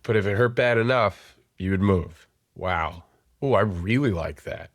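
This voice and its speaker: A man's voice: deep voice, measured pace. A man hosting a sales podcast, talking in a loose, rambling way with many restarts and fillers. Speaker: podcast host and sales coach. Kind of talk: casual conversational interview.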